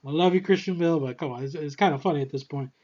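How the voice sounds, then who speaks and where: A young man giving a rambling, excitable movie review, a little short of breath and swearing freely. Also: fairly high pitch, rapid-fire, highs cut off. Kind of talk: casual movie review monologue.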